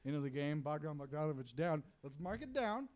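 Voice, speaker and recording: A man with a slightly high voice co-hosts a live basketball viewing in a small comedy theater. He trades deadpan quips with his partner and slips into quick play-by-play calls. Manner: jokey, deadpan asides, bursts of play-by-play. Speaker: basketball watch-party co-host. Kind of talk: casual live game commentary and banter.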